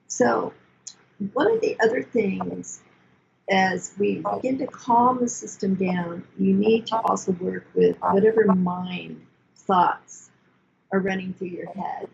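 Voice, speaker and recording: An older woman therapist explaining emotional self-care in an earnest, coaching way, with gentle self-soothing asides. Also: medium pitch, slow, vocal fry. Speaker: therapist guest. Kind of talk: explanatory podcast talk. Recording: dull lo-fi sound with faint noise.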